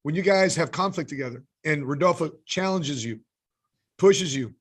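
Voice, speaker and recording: A man hosts a casual podcast interview and asks probing questions in easy conversation. His voice is a bit husky and sits slightly high. He keeps a relaxed, chatty tone. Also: normal speed. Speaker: podcast host.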